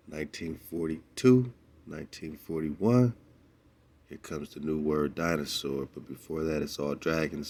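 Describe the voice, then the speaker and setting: A very low-pitched man talks loosely and excitedly as a radio host. He laughs often and drops slangy asides between his points. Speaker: radio show host reacting to a documentary clip. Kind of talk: casual commentary.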